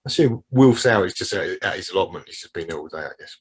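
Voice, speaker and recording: A man's voice: sits low, lively intonation, quick pace, husky. A man co-hosting a podcast, agreeably recapping the story and chiming in with yeahs. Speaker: podcast co-host. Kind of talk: casual chat.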